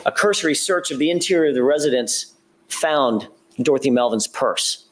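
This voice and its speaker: A man opens a case in court as prosecutor, his medium-pitched voice fairly bright in tone. He lays out what happened in a measured, methodical fashion, occasionally self-correcting, over a little hiss or hum.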